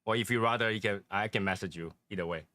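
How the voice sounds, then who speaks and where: A man's voice: fairly low pitch, fast, bright, forceful tone. A middle-aged man from Connecticut hosting a casual chat, rambling and joking with frequent laughs. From Northeast Connecticut. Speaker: host.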